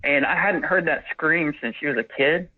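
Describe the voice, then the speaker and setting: A man's voice: a little high, normal speed. A man in his forties, a witness on a phone interview, telling his story in a rambling way and acting out what was said. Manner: rambling, acts out quoted dialogue. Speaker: witness caller. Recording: tinny phone line.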